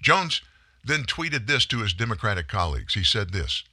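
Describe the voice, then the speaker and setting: A man's voice: lowish voice, big pitch swings, normal speed, pushed and bright, husky, dry recording, clean studio sound. A man giving a political commentary monologue, emphatic and sarcastic, full of rhetorical questions.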